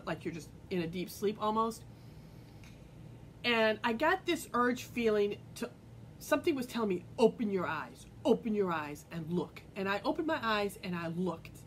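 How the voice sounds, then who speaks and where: Addressing her viewers directly, a woman vlogger recounts something personal in an earnest, casual way, often rambling, restarting and using fillers. Behind her voice is a faint low rumble, and the recording quality is low.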